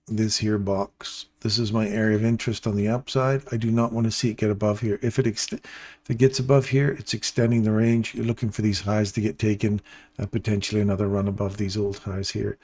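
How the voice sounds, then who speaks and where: A man's voice: lowish voice, a little mellow. A man hosting a live trading stream, giving casual, playful running commentary and talking to his viewers by name.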